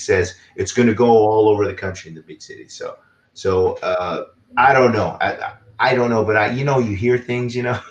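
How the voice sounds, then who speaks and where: A man's voice: mid-range voice, a bit bright, reverberant, highs cut off. A man who is a guest musician, chatting casually in an interview over a video call, rambling with lots of fillers.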